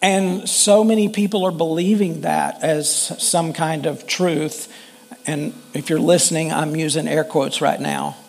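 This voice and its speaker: Male pastor, sermon, high voice, unhurried, earnest and conversational with frequent restarts. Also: steady tone, gravelly.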